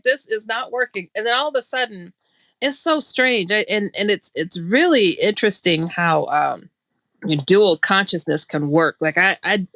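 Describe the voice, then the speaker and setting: A woman tells a personal story on a casual talk stream, bright and lively, her pitch jumping up whenever she acts out what someone said. The sound is dry and close, with no room around it. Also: dry recording. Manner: animated, laughs often, acts out quotes with rising pitch. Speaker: show host telling a personal story.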